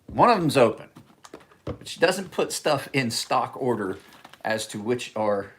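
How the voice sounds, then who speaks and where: A man's voice: medium pitch, big pitch swings, measured pace, husky. A man casually chatting on a livestream from his home kitchen, rambling and joking as he talks. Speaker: knife sharpener and livestream host.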